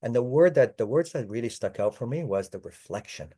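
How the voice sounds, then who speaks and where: A man's voice: mid-range voice, lively intonation, fairly quick, warm tone. A man giving a conversational palliative care presentation over a video call, often addressing his audience as folks. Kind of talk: online webinar talk.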